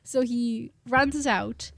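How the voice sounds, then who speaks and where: A woman's voice: a little high, extremely slow, creaky, no echo. A woman, a podcast guest, recapping a book in casual chat, rambling into tangents and laughing between phrases.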